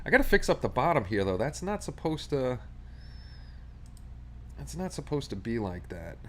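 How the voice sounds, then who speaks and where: A man with a New York accent, from Astoria, Queens, hosts a casual livestream, chatting and rambling with his viewers and reading their comments aloud. His mid-range voice is fairly bright and swings widely in pitch at a moderate pace. Faint Christmas music plays behind him.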